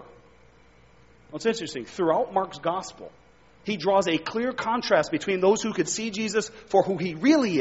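A man's voice: fairly high pitch, breathy edge. A man preaching a sermon, reading scripture aloud and pressing his points with emphatic rises. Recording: dull sound with long hall reverb.

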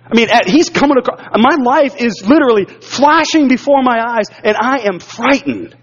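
Male pastor, higher register, earnest testimony-style preaching, dull lo-fi recording. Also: lively intonation, normal speed, husky, in a large hall. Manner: earnest storytelling, repeats words when stirred. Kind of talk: sermon with personal testimony. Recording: dull lo-fi sound.

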